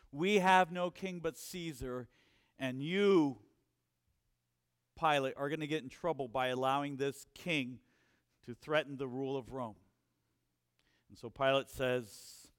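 High-voiced animated male preacher. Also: smooth, dry recording, studio quality. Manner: animated, acts out quotes and questions. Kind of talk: sermon.

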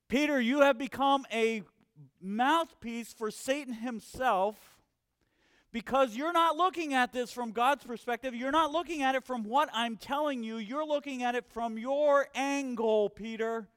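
Guy preaching, high smooth voice, acts out the quotes, dry close sound. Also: measured pace, dry recording. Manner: animated, acts out quotes and questions. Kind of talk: sermon.

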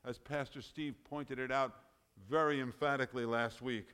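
A man preaching a sermon, emphatic, often rising in loudness and then dropping low. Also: steady tone, normal speed, clear, resonant tone.

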